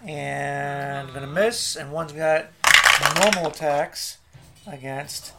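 A man's voice: fairly high pitch, slow pace, gravelly, heavy background noise. A man as dungeon master, running a tabletop game for his players in an easygoing way that keeps the game moving.

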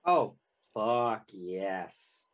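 A man playing a tabletop game who talks slowly and deliberately. His pitch moves around a lot as he speaks. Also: animated, background noise. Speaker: player.

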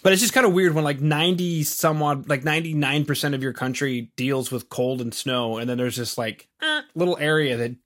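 A man's voice: fairly high pitch, fairly even intonation, a little fast, hardly any pauses, a bit bright. A Canadian man with a Canadian accent hosting a rock podcast interview, talking in a playful, rambling, joking way. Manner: playful, rambling, self-mocking. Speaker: podcast host. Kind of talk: casual interview chat.

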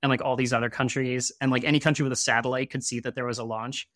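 Man, mid-pitched voice, loose rambling storyteller heavy on fillers, close and dry sound. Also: flat delivery, fast talker, fairly bright tone, dry recording. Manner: laughs at his own jokes. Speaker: podcast guest. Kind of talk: casual chat.

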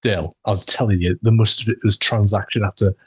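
A man's voice: fairly low pitch, steady tone, fairly quick, husky, no room sound. A young man, hosting a podcast and telling a rambling, sweary story with laughs. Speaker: podcast host. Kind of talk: casual storytelling chat.

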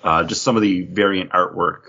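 A lower-voiced man with a husky edge and a lively, swooping delivery, chatting casually on a comics podcast. He rambles through fillers and jokes. The audio is dull and lo-fi. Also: brisk. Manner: rambling, filler-heavy, jokey. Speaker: podcast co-host.

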